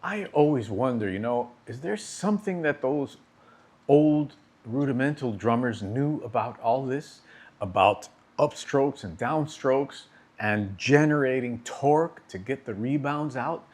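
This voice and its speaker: A man's voice: medium pitch, lively intonation, unhurried, darkish tone. A man teaching drum technique, explaining patiently and checking in with his students. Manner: patient, explanatory, frequent "okay?" check-ins. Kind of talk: instructional demonstration.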